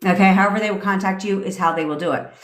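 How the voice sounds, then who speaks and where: A woman's voice: mid-range voice, racing. Blunt, profane woman coaching in an echoey room. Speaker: manifestation coach. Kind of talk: live-stream rant. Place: home, live stream. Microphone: phone mic.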